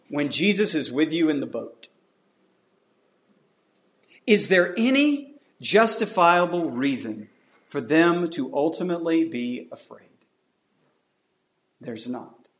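A man preaching a sermon, emphatic and pressing his listeners with repeated rhetorical questions. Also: sits high.

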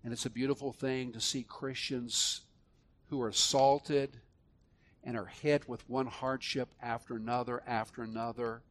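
Preaching man, quiet to emphatic. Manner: swings from quiet, low reflection to loud emphatic preaching. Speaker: pastor. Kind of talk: sermon.

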